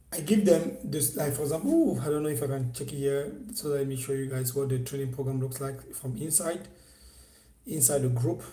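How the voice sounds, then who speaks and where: Man, live-stream host, persuasive, repetitive, very mellow tone, echoey room. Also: mid-range voice. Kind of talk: casual live-stream sales talk.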